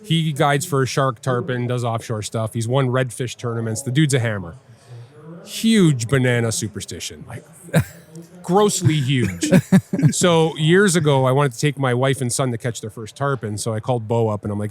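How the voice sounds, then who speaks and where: A man, a well-known angler and TV host, talking in a casual live podcast chat with an animated, emphatic, instructive way of telling stories. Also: mid-range voice, normal speed. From Canada. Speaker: guest angler and TV personality. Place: busy fishing trade show floor.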